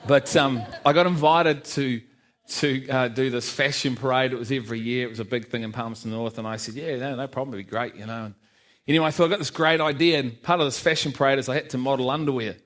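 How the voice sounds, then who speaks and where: A middle-aged man tells his own story to a church congregation. His pitch sits in the ordinary middle range for a man. He pokes fun at himself, laughs often and acts out the dialogue in his story. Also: fast talker, fairly bright tone. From New Zealand. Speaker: church speaker giving testimony. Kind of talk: personal testimony in church. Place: church service.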